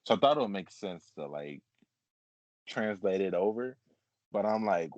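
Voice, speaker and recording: A man's voice: sits low, lively intonation, moderate pace, darkish tone, dry recording, lo-fi sound. A man co-hosting a casual fan podcast, talking in a laid-back, rambling way full of "like"s. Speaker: podcast co-host. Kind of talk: casual chat.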